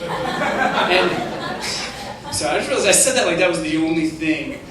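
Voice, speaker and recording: A young man performing a stand-up comedy set, with a halting, self-deprecating delivery full of "like"s. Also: a little high, expressive, crowd noise. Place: comedy theater stage. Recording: echoey distant room recording with noise.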